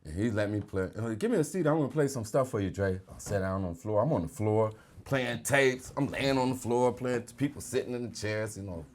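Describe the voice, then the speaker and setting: A man's voice: fairly low pitch, brisk, few pauses. A middle-aged man, an R&B singer, telling stories in a casual interview and acting out the people he quotes. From North Carolina. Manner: animated storyteller acting out quoted voices.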